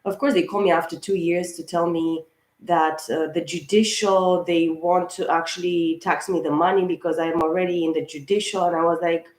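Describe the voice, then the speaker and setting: In an echoey room, a woman with a lowish, steady voice talks at a moderate pace through a casual astrology reading to camera. She's a tarot reader and channel host who rambles chattily, repeats "of course" and "guys," and gets worked up.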